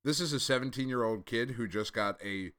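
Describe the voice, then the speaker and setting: A man's voice: mid-range voice, a little fast, noisy background. A man in casual chat, cracking crude jokes as a co-host. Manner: crude, joking, animated. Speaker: podcast co-host.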